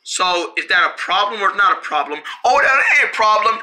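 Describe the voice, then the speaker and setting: A man voicing a gruff, unflappable male doctor who talks in a slow, matter-of-fact drawl. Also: high voice, lively intonation, pushed and bright, exaggerated voice. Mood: examining.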